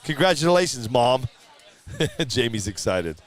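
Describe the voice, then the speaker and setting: A man hosting a live stream who calls the races in a chatty, easygoing way and shouts with excitement at a surprise win. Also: medium pitch, slow pace, a faint crowd. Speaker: race announcer and livestream host. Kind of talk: casual live race commentary. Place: at a drag racing event.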